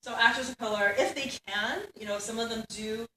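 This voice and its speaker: A woman gives a conference keynote lecture in a slightly high, sharp voice, speaking fairly quickly with fairly even intonation. She keeps it conversational, laughing often and tagging points with "right?". The recording sounds distant in an echoey hall, with slight background noise.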